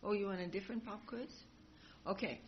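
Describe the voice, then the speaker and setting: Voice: medium pitch, a little fast. A speaker teaches a devotional class, rambling through a story with frequent laughs and self-corrections. The recording is dull and lo-fi, with a faint hiss behind it.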